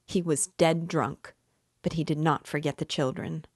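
A woman's voice: low-pitched, steady tone, normal speed, husky, dry recording, clean studio sound. A woman reading as a proud, bitter widow. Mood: indignant. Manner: haughty and indignant, raising her voice. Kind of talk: reading a novel aloud.

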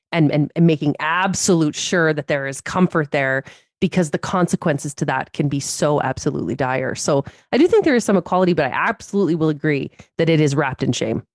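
A woman co-host on a casual podcast, with a somewhat low voice. She talks openly and pokes fun at herself, laughs often and trips over her own sentences. The recording is dry and close, with no room sound. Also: a little mellow, no room sound. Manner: candid, self-deprecating, laughs often, many restarts.

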